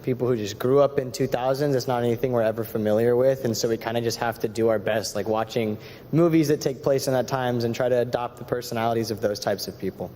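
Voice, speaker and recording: A man's voice: fast talker, warm tone. A teenage boy, a student actor, thinking aloud casually. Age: teens. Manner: casual, thoughtful. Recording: reverberant auditorium, faint rumble.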